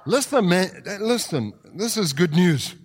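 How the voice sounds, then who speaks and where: A man preaching a sermon with animated delivery, acting out quotes and rising to shouts. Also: sits high, unhurried, breathy edge. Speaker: pastor. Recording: long reverb of a large hall.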